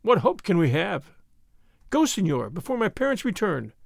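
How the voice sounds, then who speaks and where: A man's voice: high-pitched, sing-song, moderate pace, creaky, dry recording, full character voice. Give me a proud young noblewoman in love, voiced by a male reader, urgent and pleading, recorded dry.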